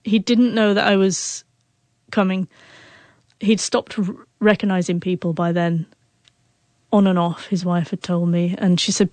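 A woman's voice: fairly low pitch, fairly even intonation, unhurried, darkish tone, dry recording. Woman who stutters. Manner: stutters, repeating first sounds. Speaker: author and guest. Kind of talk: emotional interview storytelling.

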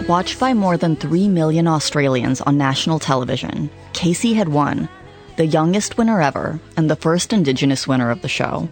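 A woman hosting a podcast, narrating a true story in a measured way and asking probing questions. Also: deep voice, animated, darkish tone, soft background music. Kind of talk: scripted narration and interview questions.

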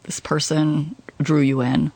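A woman hosting a podcast, giving scripted narration and asking measured, probing questions. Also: sits low, little pitch movement, creaky, a little mellow, husky, dry recording.

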